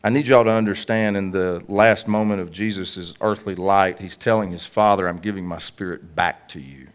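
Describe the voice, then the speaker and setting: A man's voice: low voice, steady tone, normal speed. Casual man preaching. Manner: conversational, jokey preaching to a congregation. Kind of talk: sermon.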